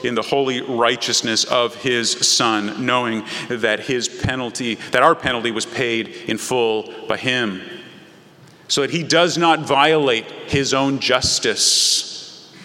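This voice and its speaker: A man preaching a sermon as pastor, animated and acting out little scenes as he explains. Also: medium pitch, slow pace. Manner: animated, acts out scenes in voices. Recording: long hall reverb.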